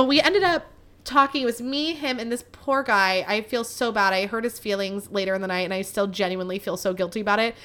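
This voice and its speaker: Young woman, podcast host, casual profane storyteller, slightly high and bright voice. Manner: animated, profane, self-mocking.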